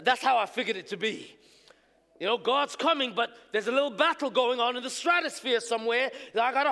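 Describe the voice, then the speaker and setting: A male preacher telling his testimony in an animated sermon, moving between hushed storytelling and shouting. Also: extremely high pitch, fast. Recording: echoey hall reverb.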